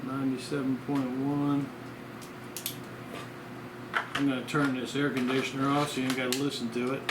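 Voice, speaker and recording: A man's voice: mid-range voice, level tone, moderate pace, heavy background noise. A man vlogging casually at home in the evening, rambling and sleepy, stopping now and then to yawn. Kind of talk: casual home health vlog. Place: home room. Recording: roomy echo.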